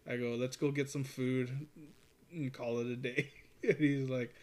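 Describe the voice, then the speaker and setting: A man in relaxed casual conversation tells a long, rambling story, peppered with curses and laughs. His voice sits at a middling pitch. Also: a little slow. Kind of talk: casual chat.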